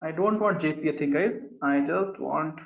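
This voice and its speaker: Brief: male coding instructor, slightly high voice, walks through steps aloud, echoey dull recording. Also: moderate pace, vocal fry. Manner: talks through steps while typing, often addresses the class as "guys". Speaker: programming instructor. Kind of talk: live coding lesson.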